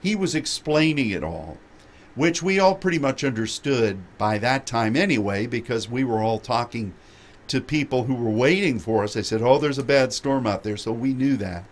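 Animated man telling a travel story. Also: medium pitch, normal speed. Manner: animated anecdote with frequent laughter. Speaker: radio show host. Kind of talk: storytelling chat.

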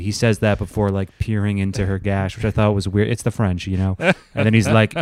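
A man's voice: on the low side, flat delivery, fairly quick, hardly any pauses, darkish tone, no echo. A man co-hosting a casual comedic chat, rambling crudely and acting out quoted voices. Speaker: podcast co-host.

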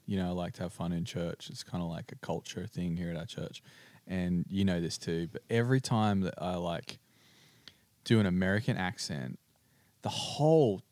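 A man with an Australian accent, chatting casually as a podcast co-host, relaxed with plenty of fillers and restarts. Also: low voice, dry recording. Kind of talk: casual chat.

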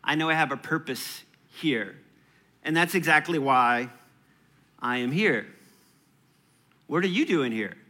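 A man's voice: a little high, lively intonation, measured pace, pauses often, sharp tone. A man in his thirties preaching a sermon in a church, conversational and playful, with chatty asides. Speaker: pastor.

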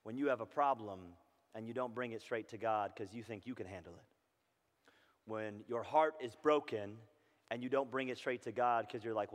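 A pastor preaching a sermon, moving between loud impassioned scripture reading and soft, hushed encouragement. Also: male voice, mid-range voice, normal speed. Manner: swings from loud impassioned reading to soft near-whispered intimacy. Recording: long hall reverb.

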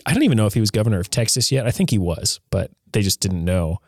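Young male co-host, casual and rambling, low voice, close and dry. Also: sing-song, fast, husky, no echo. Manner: rambling, retells scenes with acted-out voices. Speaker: podcast co-host. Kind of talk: casual chat.

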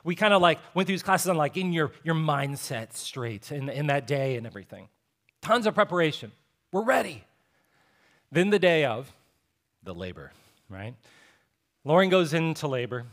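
A man in his thirties preaching a sermon as a pastor, telling a personal story in a relaxed, conversational way with self-deprecating humor. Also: on the high side, normal speed. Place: church sanctuary.

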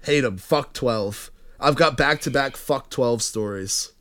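A man's voice: medium pitch, slow pace, fairly bright tone. Man reading listener comments on a podcast. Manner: joking, reads comments aloud. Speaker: podcast co-host.

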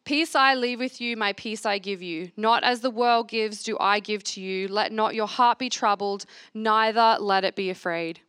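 A woman's voice: mid-range voice, normal speed, few pauses, fairly bright tone, clear, resonant tone, dry recording, clean studio sound. Earnest woman leading a call-and-response sermon. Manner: earnest, asks the room to repeat lines. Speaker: speaker leading a church reflection. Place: church gathering.

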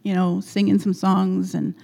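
A woman's voice: mid-range voice, little pitch movement, a little slow, gravelly, dark tone. A woman telling a personal story at church, chatty and rambling with frequent laughs. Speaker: guest speaker at church. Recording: echoey hall.

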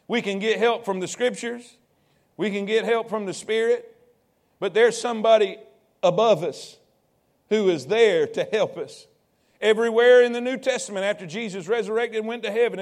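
A man preaches with a notably high voice. He repeats his phrases and drives them up to forceful peaks. The delivery has the rhythm of a pastor in full flow. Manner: preaching with repetition, rising to emphatic peaks. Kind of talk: sermon.

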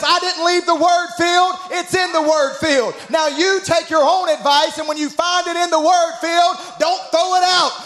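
A man with a very high voice preaching in a church. He moves from hushed teaching to shouted, rhythmic repetition, each phrase pressing harder than the last. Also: background noise. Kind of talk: Pentecostal sermon.

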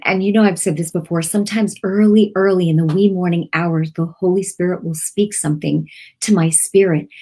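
A woman's voice: fairly low pitch, darkish tone, slightly rough. Earnest woman sharing a devotional message. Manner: earnest, conversational, many asides. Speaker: online ministry host. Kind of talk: devotional teaching broadcast.

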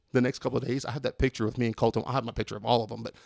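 A man telling a long story in casual chat, animated and swearing freely. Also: medium pitch, racing, vocal fry, no echo, clean studio sound. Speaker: podcast host telling a story.

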